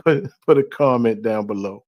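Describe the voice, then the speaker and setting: A man's voice: medium pitch, moderate pace, no echo, muffled recording. Laid-back man hosting a live stream. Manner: laid-back, loose and rambling. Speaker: host. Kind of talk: casual live-stream talk.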